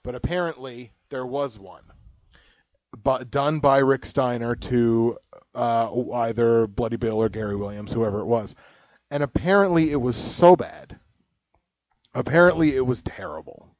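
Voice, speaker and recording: A man's voice: medium pitch, a little slow, a little mellow, no echo. Man, podcast co-host, casual rambling chat, profane jokes, dry close sound, home basement.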